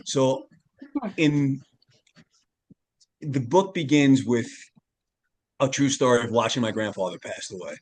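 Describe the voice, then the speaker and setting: Middle-aged male guest, earnest storyteller, mid-pitched voice, casual interview. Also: unhurried, pauses often, darkish tone. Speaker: podcast guest, tarot reader and author.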